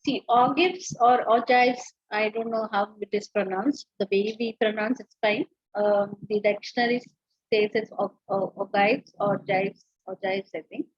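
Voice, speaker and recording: A woman's voice: mid-range voice, steady tone, moderate pace, breathy edge, dry recording, lo-fi sound. A woman teacher giving an online lecture, explaining step by step with frequent fillers and restarts.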